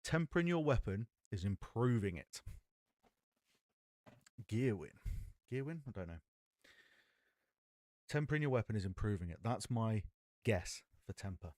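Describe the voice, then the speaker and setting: A man streams from home, musing out loud in an easy, rambling way as he reads card text and works through what it means. His voice sits low and sounds dry and close on the XLR mic. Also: big pitch swings, a little slow, long pauses, no room sound. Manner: thinking aloud while reading card text. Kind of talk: casual live-stream chat.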